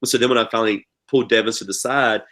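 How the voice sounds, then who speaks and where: A man's voice: mid-range voice, fast. A middle-aged man with an Eastern North Carolina accent, telling stories dramatically as a podcast guest. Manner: animated, dramatic storyteller. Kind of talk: casual storytelling chat.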